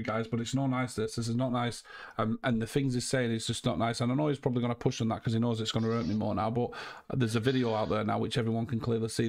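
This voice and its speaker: A man's voice: medium pitch, gravelly. A man hosting a call, talking in a heated, emphatic way, swearing and repeating himself. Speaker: host. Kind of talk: heated casual call chat.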